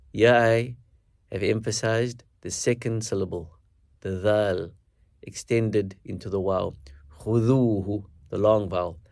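A man teaching a recitation lesson, explaining stress in measured, deliberate phrases and slowing down to demonstrate words. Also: on the low side, creaky, no room sound, clean studio sound. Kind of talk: instructional lesson with recited verses.

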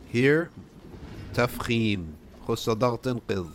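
A man teaching the rules of Quran recitation, modeling sounds slowly and repeating them, asking and answering his own questions. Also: medium pitch, lively intonation, slight background noise. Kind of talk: tajweed lesson, explaining and modeling recitation.

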